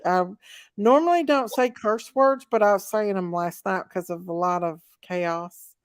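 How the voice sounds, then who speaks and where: A woman's voice: mid-range voice, a little slow, clean tone, no room sound, studio quality. A woman with a Southern US accent hosting a casual livestream chat and reading out viewer comments. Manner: chatty, drawling, reads viewer comments aloud. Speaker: livestream host.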